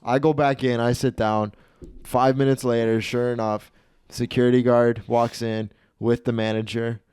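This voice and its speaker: Smooth-voiced man telling a funny story. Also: mid-range voice, normal speed, no room sound, studio quality. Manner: animated, profane, acts out the people in his stories. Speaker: podcast host. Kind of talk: comedic storytelling.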